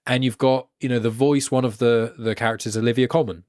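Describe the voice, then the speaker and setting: A man talking casually as a podcast guest, rambling and trailing off quietly at the ends of his phrases. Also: medium pitch, fairly even intonation, a little fast, no echo, clean studio sound.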